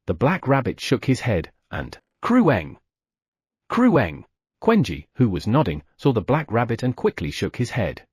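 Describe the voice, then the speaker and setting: A man narrating an audiobook, telling the story with lively sound effects. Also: medium pitch, normal speed, hardly any pauses, slightly rough, dry recording, clean studio sound.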